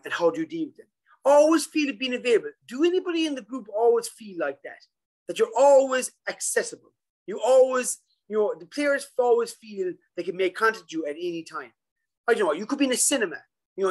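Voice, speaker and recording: A man presenting a coaching webinar over a video call, animated and acting out a worried coach's thoughts. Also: sits high, low-quality recording. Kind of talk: casual webinar talk.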